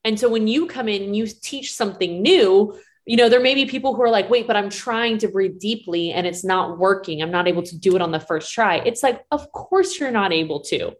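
A woman co-hosting a casual live chat as a breathing coach, talking in animated bursts full of "like" fillers. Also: medium pitch, a little fast, hardly any pauses.

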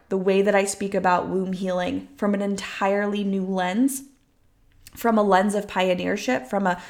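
A woman coach hosting her own podcast, talking on her own in a casual, emphatic way, with frequent sighs and swearing. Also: mid-range voice. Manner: emphatic, sweary, breathy sighs, quick asides. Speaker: podcast host and womb-healing coach. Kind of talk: casual solo podcast monologue.

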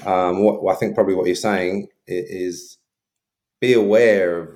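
Deep-voiced middle-aged man telling stories. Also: fairly even intonation, a little slow, darkish tone. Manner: frank, anecdotal, many fillers and restarts. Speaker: interview guest. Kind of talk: reflective storytelling.

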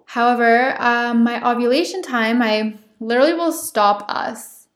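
A woman's voice: fairly high pitch, a little slow. A young woman hosting her own podcast, talking openly and chattily with frequent laughs. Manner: open, chatty, laughs often. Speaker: podcast host. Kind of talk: casual solo podcast monologue.

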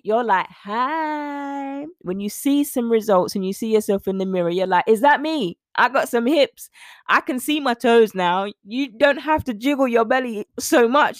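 A woman's voice: medium pitch, no echo, studio quality. A woman hosting her own nutrition coaching podcast, talking chattily and animatedly to her listeners and laughing often. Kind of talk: casual solo podcast monologue.

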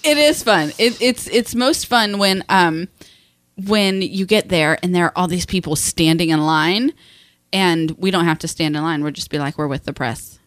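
A woman's voice: lowish voice, normal speed, no room sound, studio quality. A middle-aged woman co-hosting a casual podcast chat, telling family stories and laughing often while she acts out what people said. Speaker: podcast co-host.

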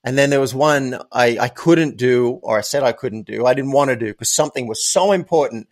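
Fairly quick and mid-range in voice, this man chats as a podcast guest, telling personal anecdotes conversationally and emphatically, with words repeated for stress.

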